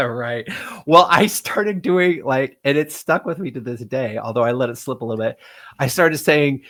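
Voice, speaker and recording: A middle-aged man, a game developer as interview guest, telling animated stories and acting out quotes in voices. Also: mid-range voice, moderate pace. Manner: animated, acts out quotes in voices, laughs often. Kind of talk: casual storytelling interview.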